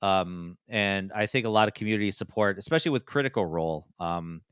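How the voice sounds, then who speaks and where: A man's voice: lowish voice, fairly quick, fairly bright tone, clear, resonant tone, dry recording, clean studio sound. A man co-hosting a gaming podcast in casual chat, rambling with many fillers and restarts. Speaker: podcast co-host.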